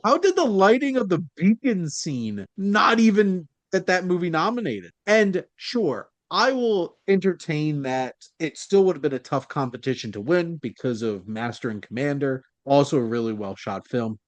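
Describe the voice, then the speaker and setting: A man's voice: on the high side, very animated, normal speed, few pauses, no room sound. Emphatic, jokey man co-hosting a podcast. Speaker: podcast co-host. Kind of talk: casual chat.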